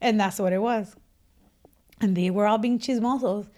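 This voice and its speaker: A woman telling a funny story in a casual chat, animated and laughing, acting out what people said. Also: mid-range voice, normal speed, a crowd in the background. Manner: animated, laughing, acts out quotes.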